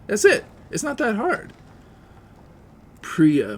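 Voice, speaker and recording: A man rants sarcastically while streaming a game, swearing freely and getting animated. His pitch sits in an ordinary middle range, with a faint hiss under the recording. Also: normal speed. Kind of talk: casual ranting while playing a game.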